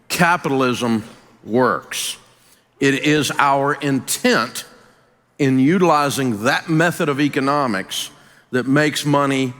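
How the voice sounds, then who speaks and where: A man's voice: medium pitch, a bit bright, big-room sound. A man with a Southern US accent hosting a radio show, telling stories in a folksy, emphatic, motivational way. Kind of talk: motivational talk-show monologue.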